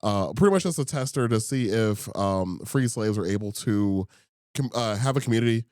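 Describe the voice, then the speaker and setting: A man's voice: on the low side, lively intonation, normal speed, darkish tone, dry recording. Chatty laughing man, dry close sound. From Indiana, USA. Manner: laughs often, many fillers and restarts. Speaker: podcast co-host. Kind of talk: casual chat.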